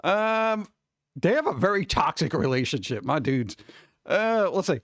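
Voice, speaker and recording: A man hosting a livestream, chatting casually and rambling excitably with viewers, often laughing. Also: on the high side, measured pace, no echo. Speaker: livestream host. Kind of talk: casual chat with live viewers.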